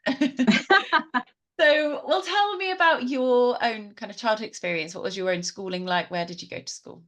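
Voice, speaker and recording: A woman's voice: a little high, normal speed, sharp tone. A woman hosting a podcast interview, encouraging and welcoming toward her guest. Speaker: podcast host.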